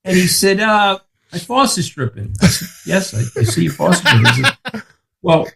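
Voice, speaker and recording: A man's voice: high voice, very animated, normal speed, vocal fry, noisy background. A man in his sixties with a Long Island accent, telling stories as a podcast guest in a brash, emphatic way and swearing freely. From Long Island, New York. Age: 60s. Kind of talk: casual podcast chat.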